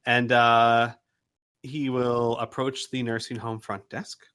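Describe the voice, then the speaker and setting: A man's voice: medium pitch, level tone, takes it slowly, fairly bright tone, clean tone. A man playing in a tabletop game, describing his character's actions in an easygoing way with laughs. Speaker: player. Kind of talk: tabletop role-play chat.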